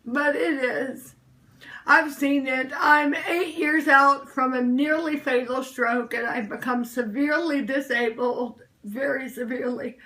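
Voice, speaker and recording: A woman's voice: sits high, sharp tone, poor audio. A young woman hosting a casual live-stream chat from her kitchen table, emotional and enthusiastic. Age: young adult. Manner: emotional, tearful at times, enthusiastic. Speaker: host.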